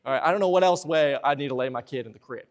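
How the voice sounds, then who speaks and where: A young man preaching a sermon in a church, lively and talkative, slipping into playful asides. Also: a little high, rapid-fire. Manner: lively preaching, acts out husband and wife exchanges in asides. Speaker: pastor. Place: church sanctuary.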